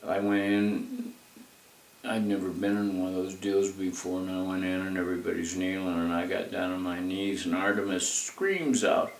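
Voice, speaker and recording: A man's voice: sits low, fairly even intonation, moderate pace, a little hiss or hum. An older man tells family stories in a rambling, folksy way, with many asides. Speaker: interviewee telling family history. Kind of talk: casual storytelling. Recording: echoey room, mic far off.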